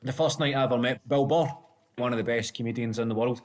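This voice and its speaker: A man's voice: mid-range voice, fairly even intonation, quick pace. A Scottish man chatting as a comedian guest, trading laughing, sweary banter. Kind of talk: casual comedic chat. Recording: noisy recording.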